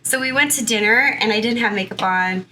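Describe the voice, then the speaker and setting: A woman's voice: a little high, a little fast, bright, forceful tone, slight background noise, poor audio. A woman in her thirties from Southern California, a guest in an interview, telling her own story in a chatty way full of "like" and "you know".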